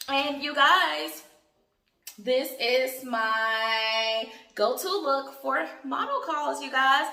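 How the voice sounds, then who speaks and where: A woman's voice: sits high, pushed and bright, no room sound. A young woman vlogging in a casual, chatty way, talking straight to her viewers with lots of fillers. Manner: chatty, filler-heavy, addresses viewers directly. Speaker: beauty vlogger. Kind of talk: casual vlog chat. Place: parked car.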